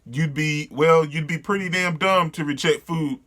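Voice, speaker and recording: A man's voice: on the high side, moderate pace, a bit bright, lightly acted. A man reading the lines of a brash, pushy male lion gang member from a manga in a plain read-aloud voice.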